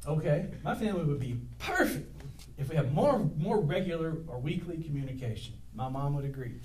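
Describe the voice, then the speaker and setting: A middle-aged male pastor preaching to his church, chatty and prone to side stories and jokes at his own expense. His voice sits a bit high for a man. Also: expressive, brisk, darkish tone. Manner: rambling, digressive, self-deprecating humor. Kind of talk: sermon. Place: church with a congregation.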